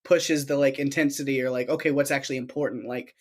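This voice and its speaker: A male co-host chats casually about a movie, his voice sitting in a middle pitch. He retells scenes with animated energy and breaks into laughter often. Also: fast talker. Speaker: podcast co-host. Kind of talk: casual chat recapping a film.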